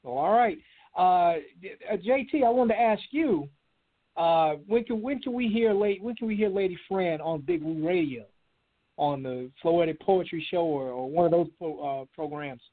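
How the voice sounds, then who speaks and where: Easygoing male call-in host, higher voice, tinny phone-line sound. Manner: easygoing, repeats phone numbers slowly. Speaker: show host. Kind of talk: hosting a call-in show.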